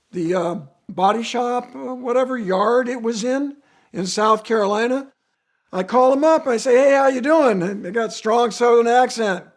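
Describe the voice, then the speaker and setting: A man, a racer, telling a casual car story in an animated, storytelling way. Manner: animated storytelling with swings in pitch and volume. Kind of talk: casual anecdote.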